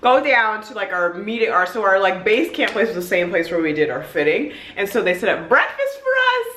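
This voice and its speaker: Young woman vlogging, super excitable and chatty, bit of room echo and faint hum behind. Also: mid-range voice, fairly quick. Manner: gushing, excitable, heavy on "like". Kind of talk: casual storytelling vlog. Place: hotel room.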